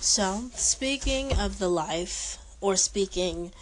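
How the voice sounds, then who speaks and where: Young woman podcaster, casual and chatty, wanders off-topic with jokey asides, middle-pitched. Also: expressive, slow, a little hiss or hum, rough recording. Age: young adult. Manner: chatty, rambling, joking asides. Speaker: podcast host.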